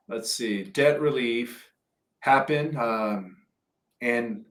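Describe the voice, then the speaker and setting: A man's voice: mid-range voice, measured pace, a bit bright. A man hosting a livestream, reading viewer questions aloud with a joking, light manner. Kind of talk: casual livestream chat. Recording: echoey room.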